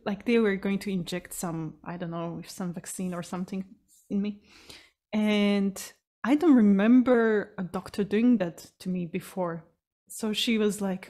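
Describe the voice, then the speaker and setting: A woman's voice: mid-range voice, fairly even intonation, measured pace, warm tone. Chatty woman telling a story. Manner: chatty, frequent "like" fillers, laughs. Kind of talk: casual storytelling.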